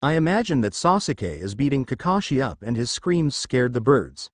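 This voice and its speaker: Prankster teen ninja boy, teasing and cocky, voiced by a male narrator, lively pitch. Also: moderate pace, no echo, clean studio sound. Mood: cheeky.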